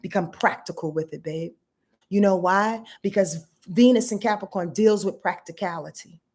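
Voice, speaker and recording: A woman's voice: medium pitch, moderate pace, darkish tone. Profane, emphatic woman astrologer. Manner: profane, emphatic, talks straight to her viewers; reads out and answers viewer comments. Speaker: astrologer and channel host. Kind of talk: casual live astrology rundown.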